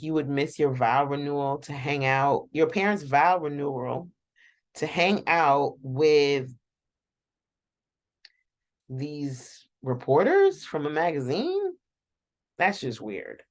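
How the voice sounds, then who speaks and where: A woman hosting a casual, rambling reaction recap of a TV episode, chatting to viewers and laughing often. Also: low voice. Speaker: show reaction host.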